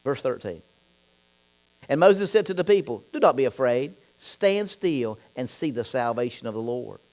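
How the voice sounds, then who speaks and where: A male pastor preaching a sermon, reading scripture and then talking straight to the congregation, dropping low for asides and getting loud and fired up in other stretches. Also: expressive, normal speed, rough recording. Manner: reads scripture aloud and talks straight to the congregation.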